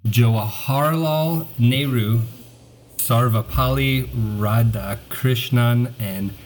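A man's voice: mid-range voice, a little hiss or hum. A man co-hosting a casual podcast, reading a news item aloud, stumbling over long names and laughing as he goes. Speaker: podcast co-host.

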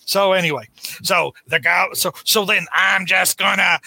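A man hosting a casual comic book talk, sarcastic and mocking, often breaking into loud shouted impressions of characters. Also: sits high, normal speed, vocal fry, breathy edge, dry recording. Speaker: comic book podcast host. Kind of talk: casual comic review chat.

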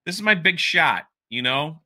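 A young man chats as an interview guest, with a strikingly bright voice that sits a little high. He rambles through his story with plenty of filler words and breaks into laughter along the way. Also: moderate pace. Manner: animated, laughing, many fillers. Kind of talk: casual storytelling.

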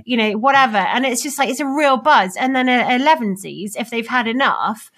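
A woman guest in casual podcast chat, telling lively, excitable stories. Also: fairly high pitch, fairly quick. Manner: lively, excitable storytelling with laughter.

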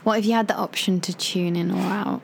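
A woman co-hosting a casual chat podcast, playful and quick to laugh. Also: medium pitch, steady tone, gravelly, a little hiss or hum. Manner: playful, laughs often, trails into joking asides. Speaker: podcast co-host.

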